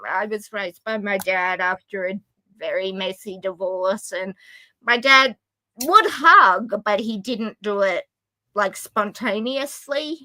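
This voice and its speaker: An Australian woman chats as a guest on a video call, affectionate and self-deprecating, calling people my love and darling. Her voice is bright and crisp at a middle pitch. The recording is dry and close. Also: takes it slowly, no room sound, rough recording. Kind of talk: casual chat.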